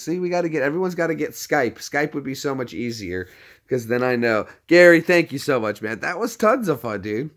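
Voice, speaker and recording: A man's voice: medium pitch, big pitch swings, a little fast, fairly bright tone. A man hosting a casual livestream, chatty and upbeat, talking straight to his viewers. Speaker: livestream host.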